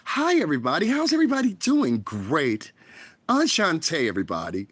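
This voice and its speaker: A mocking, syrupy-sweet greeter voice, pitched far above a normal speaking voice, as a man puts it on. It sings out its hellos with exaggerated fake friendliness. The sound is dry and close. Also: wildly swooping pitch, normal speed, fairly bright tone, husky, no echo, full character voice. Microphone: tablet.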